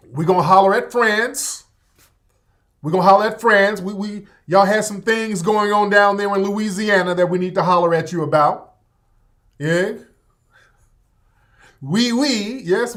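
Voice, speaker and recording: A man with a voice pitched high for a male talks in a loose, animated monologue as a radio host. He jokes, swears freely and uses a lot of slang. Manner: animated, joking, profane, street slang. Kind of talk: casual monologue commentary.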